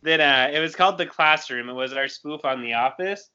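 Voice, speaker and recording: A man's voice: on the high side, sharp tone, clean tone. A young man hosting a podcast in casual chat, laughing often. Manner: giggly, quick to laugh. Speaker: podcast host. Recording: dull lo-fi sound.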